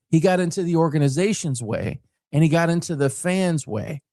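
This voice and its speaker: A man's voice: fairly high pitch, a little mellow, no room sound, studio quality. A man who is a former coach hosting sports talk, ranting about a team with emphatic, repetitive rhetorical lists. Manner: passionate, fired-up. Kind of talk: opinionated sports commentary.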